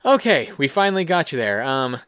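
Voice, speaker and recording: A man's voice: medium pitch, big pitch swings, fairly quick, a bit bright, smooth, no echo, studio quality, pitched above the performer's own voice. A man voicing a cheerful ride announcer who talks in a breezy, chipper way. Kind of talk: podcast role-play bit.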